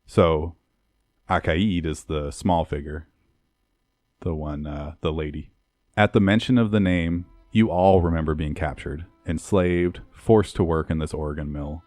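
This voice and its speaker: A man narrating a tabletop game as game master, in slow, dramatic descriptive narration. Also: rumbling low, fairly even intonation, darkish tone, no room sound, faint music behind.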